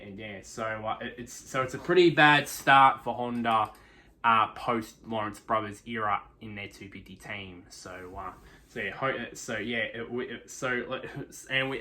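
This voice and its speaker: Guy rambling through a supercross-style race recap, keeps restarting sentences, lots of uh and um, bright sharp voice. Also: medium pitch. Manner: rambling, constant restarts and fillers. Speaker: motorsport video reviewer. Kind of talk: casual race review monologue.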